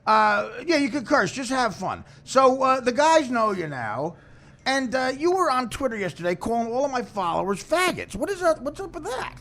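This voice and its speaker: Gravelly, high, lively man teasing. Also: normal speed. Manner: teasing, laughing, stumbling restarts. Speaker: host. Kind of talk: casual teasing podcast chat.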